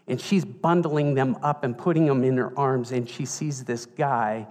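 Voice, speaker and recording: Animated male preacher in a reverberant hall. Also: medium pitch, normal speed. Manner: animated storytelling, playful, emphatic. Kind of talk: sermon.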